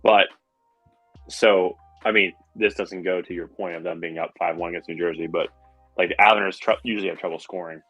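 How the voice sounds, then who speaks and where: A man in his thirties co-hosting a sports podcast in relaxed casual chat. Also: deep voice, fairly quick, husky, muffled recording, soft background music. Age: 30s. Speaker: podcast co-host.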